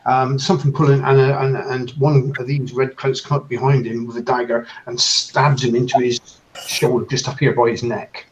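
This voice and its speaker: A man's voice: medium pitch, flat delivery. A man narrating a tabletop role-playing game as game master, full of fillers and restarts. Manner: halting, many fillers and restarts. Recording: dull lo-fi sound, faint noise.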